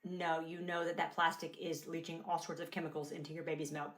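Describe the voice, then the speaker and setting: A woman's voice: sits low, flat delivery, brisk, natural voice. A woman playing a preachy know-it-all mom who lectures another parent in a bossy tone. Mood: scolding.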